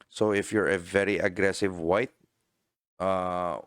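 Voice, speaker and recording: A man's voice: sits low, steady tone, measured pace, smooth, dry recording, clean studio sound. A man with a Filipino accent reviewing trading cards in a casual stream, chatty, with playful asides and many fillers. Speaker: card game streamer. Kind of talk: casual card set review.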